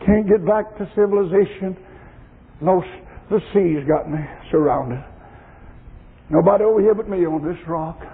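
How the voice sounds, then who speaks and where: A man preaching a sermon, rising into shouted, sung chanting with cries of praise. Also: high-pitched, normal speed, long pauses, slightly rough. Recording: tinny lo-fi recording in echoing hall.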